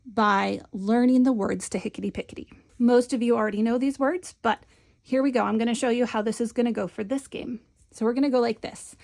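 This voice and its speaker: A woman's voice: on the high side, steady tone, a little fast, vocal fry, a little mellow. A woman demonstrating a classroom syllable game in a patient, instructional way, modeling the chant in a sing-song voice. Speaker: Montessori teacher trainer.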